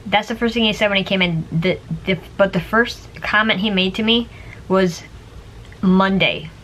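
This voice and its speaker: A woman talks straight to her viewers in a loose, rambling vlog style. Her voice sits at an ordinary middle pitch, and she peppers her sentences with fillers and small laughs. A faint hum runs underneath. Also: normal speed, fairly bright tone. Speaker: vlogger. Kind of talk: casual chat to camera.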